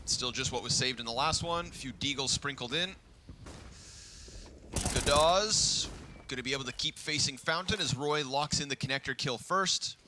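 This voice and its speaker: A man doing play-by-play commentary on an esports match, quick and excitable on big plays, relaxed in between. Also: medium pitch, background noise.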